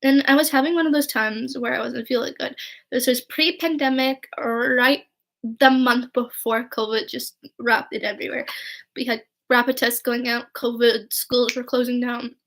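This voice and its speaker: Her voice is fairly high and bright, with vocal fry, fairly even intonation and a moderate pace. This young vlogger rambles through casual stories, acting out dialogue and peppering everything with "like" and "right?".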